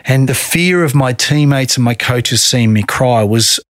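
A middle-aged Australian man, a podcast guest, recounts his own story in an earnest, measured way. His voice is medium-pitched, with no room sound in the recording.

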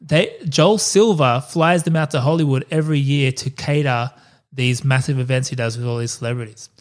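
A man's voice: mid-range voice, moderate pace. A man, co-hosting a podcast and telling stories casually, with swearing and asides. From Australia. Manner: loose storytelling with swearing and asides. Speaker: podcast co-host. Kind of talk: casual chat.

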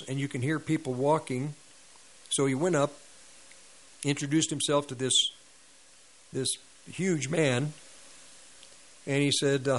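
A man's voice: a little high, rough recording. A man preaching on a radio ministry, retelling a story with quoted dialogue and sound effects. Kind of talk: sermon storytelling.

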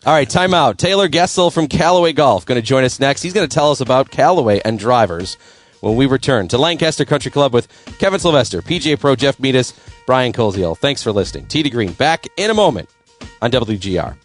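A man's voice: medium pitch, expressive, fairly quick, soft background music. A middle-aged man, hosting a radio golf show in an easygoing chat. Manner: easygoing, wraps up segments.

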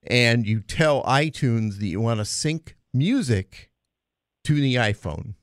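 A man's voice: medium pitch, lively intonation, takes it slowly, no echo, clean studio sound. A man co-hosting a radio show, patiently explaining computer steps to a caller. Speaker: tech expert co-host. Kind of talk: on-air explanation.

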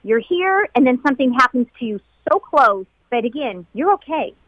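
A middle-aged woman, a flight attendant, recalling events in an emotional interview, heartfelt and quoting others in lively voices. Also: high voice, normal speed, dry recording, narrow, tinny audio.

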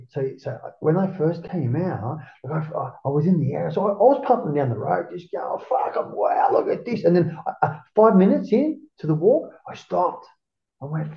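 Gravelly Australian guy, 40s, casual swearing storyteller, roomy lo-fi recording. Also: mid-range voice. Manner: swearing, animated, acts out his own past lines. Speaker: interview guest. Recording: roomy, dull lo-fi sound.

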